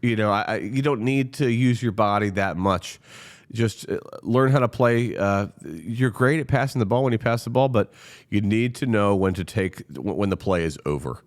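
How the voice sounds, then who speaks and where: A man's voice: fairly low pitch, normal speed. A man hosting a sports commentary show, ranting in a heated, sarcastic way and swearing freely. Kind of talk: opinionated sports rant.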